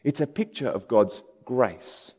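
A man gives a sermon in an easygoing, chatty manner, full of casual asides. His pitch swings widely as he talks. The voice carries a long reverb, as if from a church hall. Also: unhurried, slightly rough. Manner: conversational and animated, with casual asides. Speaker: preacher.

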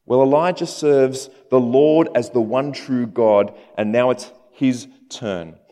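A man preaching a sermon in a relaxed, conversational way, with casual asides. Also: mid-range voice, slow. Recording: long hall reverb.

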